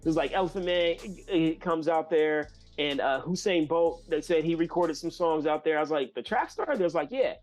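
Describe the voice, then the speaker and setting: Animated storytelling man from California. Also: on the high side, normal speed, hardly any pauses, faint music behind. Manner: loose and animated, many fillers and restarts. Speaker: guest musician. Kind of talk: casual storytelling.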